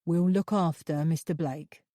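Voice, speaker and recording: A detached, patronizing male police officer, read by a woman narrator, delivers clipped, matter-of-fact lines. Her voice is lowish and mellow, and the recording is dry and close. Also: fairly even intonation, measured pace, no room sound.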